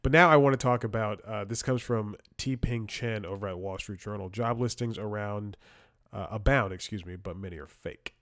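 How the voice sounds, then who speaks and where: A man with a fairly low voice talks through a comic monologue, circling back and restarting his sentences as he goes. He throws in mocking, sarcastic asides. The sound is dry and close, with no room echo. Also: moderate pace, fairly bright tone. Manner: rambling storytelling with frequent restarts and laughs. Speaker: comedy podcast host. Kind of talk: casual comedic monologue.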